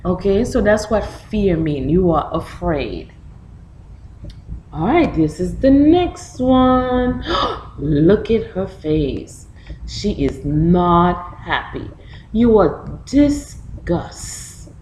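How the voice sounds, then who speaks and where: A woman with a Haitian accent reading a picture book to young children, explaining each word slowly and patiently in two languages. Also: fairly low pitch, very animated, warm tone, echoey room, a little hiss or hum.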